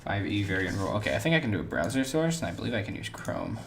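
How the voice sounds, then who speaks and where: A man's voice: fairly low pitch, very animated, very fast, creaky, very noisy. A man playing a tabletop game and running the stream, talking casually and hesitantly while distracted by setup. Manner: distracted, hesitant with many ums. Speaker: player and stream host. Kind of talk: casual tabletop play chat.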